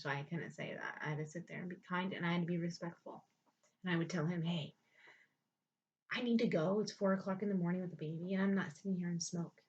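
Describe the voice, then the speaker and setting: Frank, foul-mouthed woman storyteller; lower register, muffled lo-fi recording. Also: a little mellow, slightly rough. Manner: blunt, frustrated, profane. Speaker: vlogger telling her life story. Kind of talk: candid storytelling, heavy swearing. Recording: dull lo-fi sound.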